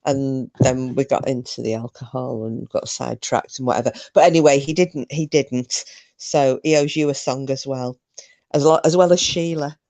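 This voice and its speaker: Speaking in a warm bass at a moderate pace, this middle-aged woman runs a live stream. Her talk to the chat audience is easygoing, and laughter keeps breaking in between her comments.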